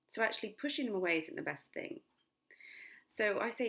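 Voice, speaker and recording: A middle-aged woman hypnotherapist giving a chatty self-help lesson, at times dropping into a slow, sleepy, whispered demonstration voice. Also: mid-range voice, expressive, gravelly, fairly bright tone. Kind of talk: casual spoken self-help lesson to camera.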